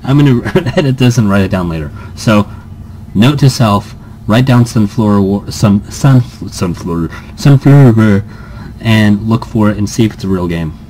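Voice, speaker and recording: A man's voice: lowish voice, expressive, normal speed, darkish tone, poor audio. A young man hosting a game playthrough, reading the story text aloud with drama and breaking into giggly, rambling asides. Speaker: let's-play host reading game text. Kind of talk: reading a visual novel aloud with chatty asides.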